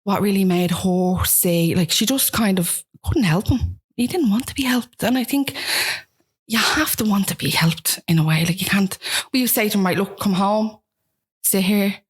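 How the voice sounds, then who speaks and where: A young woman from Ballymun, Dublin, with a Dublin accent, is an interview guest talking frankly about family. Her mid-range voice is expressive and slightly rough at normal speed, and her chatty storytelling has frequent "like" and restarts.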